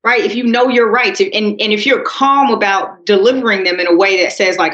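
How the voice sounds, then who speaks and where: A woman's voice: medium pitch, a little fast, few pauses, dull audio. Woman podcast host, roomy sound. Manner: calm, storytelling, addresses listeners as y'all. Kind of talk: casual political chat.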